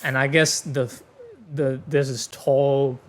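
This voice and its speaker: A man hosting a podcast, telling a story in casual, animated chat, swearing freely. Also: mid-range voice, slow. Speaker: podcast host.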